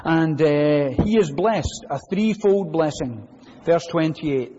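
A man preaching a sermon in a church, animated and full of rhetorical questions. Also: on the high side, slow, breathy edge, long reverb tail, muffled recording.

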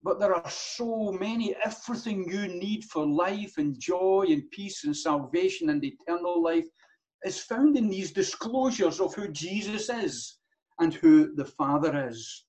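A man's voice: high-pitched, expressive, unhurried, a little mellow. A man preaching a sermon as pastor, earnest, with many rhetorical questions and repeated phrases. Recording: dull lo-fi sound.

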